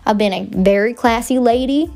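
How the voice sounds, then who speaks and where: A woman's voice: a little high, normal speed, warm tone. A young woman hosting her podcast, chatting in a rambling, goofy, self-mocking way. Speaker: podcast host. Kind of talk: casual rambling chat.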